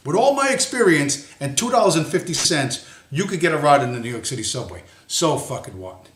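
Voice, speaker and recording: A man's voice: fairly high pitch, big pitch swings, brisk, a bit bright, slight background noise. A man hosting a livestream, giving an angry, profane monologue and swearing bluntly throughout. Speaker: livestream host. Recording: roomy echo.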